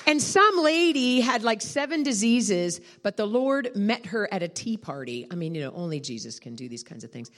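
A woman's voice: medium pitch, moderate pace, hardly any pauses. A middle-aged woman preaching a sermon as a guest speaker, telling stories with laughter and exclamations. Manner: animated storytelling, laughing and shouting.

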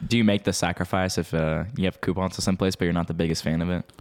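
A man with a very deep voice co-hosts a relaxed podcast conversation. He keeps things playful and laughs easily as he steers toward the next segment. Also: quick pace. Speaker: podcast co-host. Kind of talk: casual chat.

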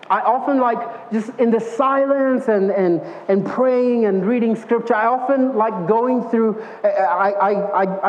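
A man's voice: high voice, darkish tone. A man giving a conversational sermon as a preacher, telling stories earnestly and acting out the quotes in them. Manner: earnest storytelling with vivid acted-out quotes. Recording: echoey hall, dull lo-fi sound.

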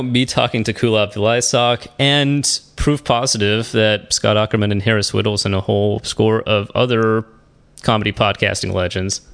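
A man hosts a podcast in a fairly low, creaky voice with a fairly bright tone. Chatty and self-deprecating, he often trails off and restarts, moving between casual conversation and a solo wrap-up.

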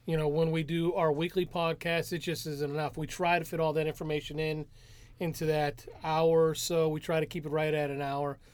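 A man co-hosting a podcast, relaxed and rambling a bit as he explains news. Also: a little high, fairly quick, clear, resonant tone. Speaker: podcast co-host. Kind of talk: casual podcast chat.

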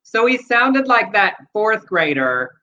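High, bright-voiced man with dry wit. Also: takes it slowly, dull audio. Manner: wry, deadpan delivery of jokes and read-out quotes. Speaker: co-host. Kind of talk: casual comedic chat.

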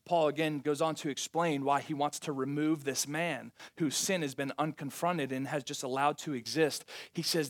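A man's voice: on the high side, fairly quick, a bit bright. A man preaching a sermon as pastor, talking emphatically with frequent restarts and rhetorical questions to the congregation.

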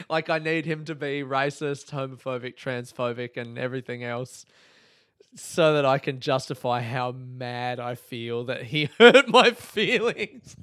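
A man's voice: mid-range voice, level tone, measured pace, fairly bright tone, clear, resonant tone, no echo, studio quality. A man, a comedian, talking on his own podcast, rambling and swearing and laughing at his own jokes. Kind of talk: solo podcast monologue.

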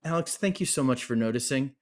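A man with an average pitch who co-hosts a live-streamed podcast. He talks in a loose, chatty way and pokes fun at himself. He sounds relaxed and conversational. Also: a little fast. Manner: chatty, self-deprecating storytelling. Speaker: podcast co-host. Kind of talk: casual live-stream chat.

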